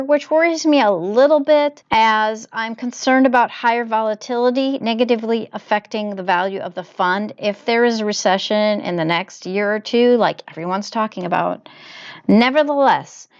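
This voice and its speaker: A woman hosting her own investing channel, narrating a screen-capture walkthrough in a measured, explanatory way. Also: on the high side, clean tone, dry recording, dull audio. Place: home desk, voice recorded on laptop.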